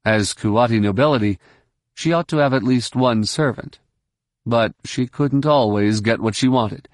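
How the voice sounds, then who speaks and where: A man reading a novel aloud in steady scripted narration. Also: medium pitch, measured pace, dry recording, clean studio sound. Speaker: audiobook narrator.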